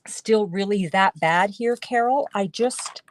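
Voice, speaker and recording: A middle-aged woman with a mid-range voice talks slowly in a dry recording, showing viewers how to make cards on a live stream from her home craft studio. She's chatty and step-by-step, but a throat tickle makes her cough now and then.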